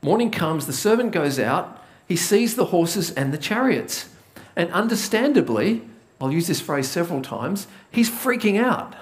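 A man preaching a conversational sermon, retelling a Bible story with lively storytelling and asking the congregation direct questions. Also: sits high, unhurried. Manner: lively storytelling, acts out the biblical characters' panic. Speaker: pastor.

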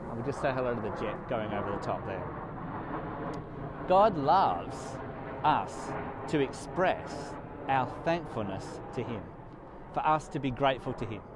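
A man's voice: medium pitch, expressive, measured pace, long pauses, heavy background noise. A man giving a sermon, speaking earnestly and pushing up on his key words. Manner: earnest, emphatic preaching with rising stresses. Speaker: pastor.

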